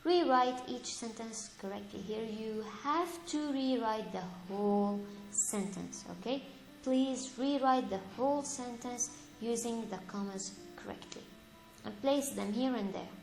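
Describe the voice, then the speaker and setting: A woman teaching an English grammar lesson, reading example sentences aloud slowly and patiently, and correcting her own slips. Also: fairly high pitch, vocal fry. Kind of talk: slow, deliberate lesson for young learners. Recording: echoey room with faint music.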